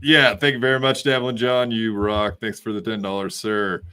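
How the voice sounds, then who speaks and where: A man's voice: lowish voice, little pitch movement, normal speed, sharp tone, clean tone. A man hosting a podcast in casual chat, laid-back as he thanks supporters and plugs his guest. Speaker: podcast host.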